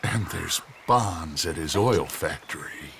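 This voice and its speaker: An actor playing a scheming outlaw gang boss giving orders in a game cutscene. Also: male voice, extremely low pitch, lively intonation, takes it slowly, creaky, background noise, exaggerated voice. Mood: commanding. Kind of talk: game voice acting.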